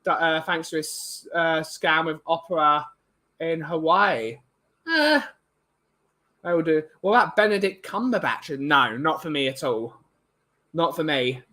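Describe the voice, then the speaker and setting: Guy, young, high bright voice, loose opinionated chat to his viewers. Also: measured pace. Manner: rambling, opinionated, many restarts. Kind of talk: casual chat.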